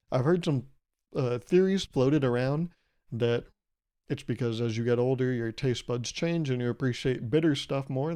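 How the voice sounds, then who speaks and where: Chill mid-twenties guy podcasting solo, goofy rambly bits, swears a lot, warm low-key tone. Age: 20s. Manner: rambling, jokey, swears freely, acts out quotes. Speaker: podcast host. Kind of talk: casual solo podcast monologue.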